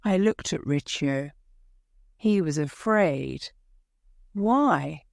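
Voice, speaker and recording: A woman slowly reading a dramatic story aloud, clear and deliberate, for English learners. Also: lowish voice, lively intonation, darkish tone, no room sound, studio quality. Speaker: story reader.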